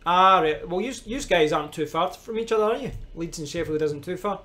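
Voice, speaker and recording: A Scottish man, his voice sitting a little high for a man, chats through a live stream in an easy, rambling way. He picks up viewers' comments and talks back to them. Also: a little fast, sharp tone. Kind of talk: casual live-stream chat.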